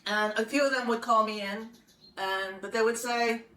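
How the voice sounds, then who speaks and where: A woman's voice: fairly high pitch, steady tone, normal speed, pushed and bright. A woman in her sixties telling a long personal story in a chatty, rambling way, often laughing. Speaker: podcast host. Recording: roomy, distant from the mic, faint noise.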